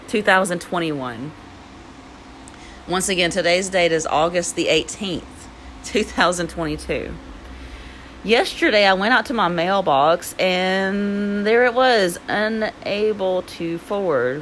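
A woman with a fairly low voice talks through her own thoughts on a solo podcast. She rambles in a loose, chatty way, with lots of fillers and small laughs. A faint hiss of noise sits under the recording. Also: unhurried, a bit bright, poor audio. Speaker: podcast host. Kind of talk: solo reflective podcast monologue. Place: Jacksonville.

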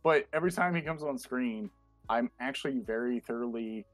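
A man co-hosting a casual podcast chat, an excitable fanboy who leans on fillers. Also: medium pitch, normal speed, no echo, soft background music. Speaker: podcast co-host. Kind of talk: casual chat reviewing a show.

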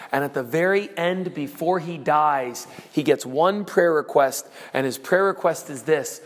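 A man preaches slowly in a high voice, acting out the voices of his story and shouting the strongest lines. His sermon rings through a church with a long, lingering reverb. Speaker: pastor. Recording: long reverb of a large hall.

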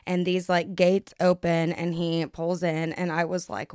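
A woman's voice: on the low side, level tone, a little mellow, clear, resonant tone, no echo, clean studio sound. A young adult woman from Kansas with an American accent, hosting a podcast and telling her own story in a candid, blunt way, with swearing, and acting out other people's lines. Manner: brisk, acts out others' lines. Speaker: podcast host. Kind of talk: casual storytelling monologue.

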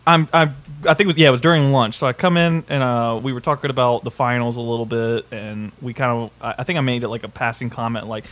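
A man's voice: medium pitch, steady tone, fast, fairly bright tone. Male co-host, casual storyteller, rambles with frequent restarts and cursing. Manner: rambling, swears often, many restarts. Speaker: podcast co-host.

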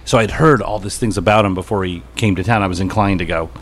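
A man's voice: low-pitched, fast talker, slight background noise. A middle-aged man, a comedy writer guest, telling wry anecdotes in a casual podcast chat. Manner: wry, anecdotal, quotes people in voices.

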